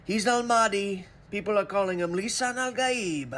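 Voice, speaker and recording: A man's voice: high-pitched, normal speed, fairly bright tone. A man playing a boastful giant sandworm. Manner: rambling boastful speech-style impression. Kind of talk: AI voice parody clip.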